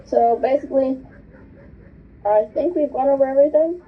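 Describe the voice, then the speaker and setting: A woman's voice: high-pitched, moderate pace. A woman hosting a casual chat, bubbly and rambling. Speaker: host. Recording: tinny phone-like line.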